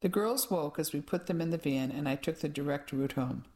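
A woman narrating a first-person audiobook in an even, measured way. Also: deep voice.

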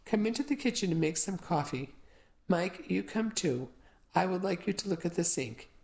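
A woman voicing a wise, doting Italian grandmother who talks in a measured, gently firm way, in a storybook reading. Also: on the low side, animated, gravelly, voice pushed up.

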